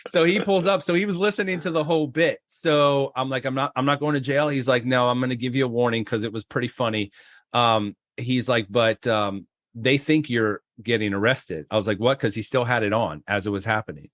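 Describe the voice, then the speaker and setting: A man's voice: a little fast, a bit bright, no echo. Guy from florida telling a wild story on a podcast, acts out the voices, dry close mic. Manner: acts out quoted voices, jumping high in pitch. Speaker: podcast guest. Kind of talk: animated storytelling.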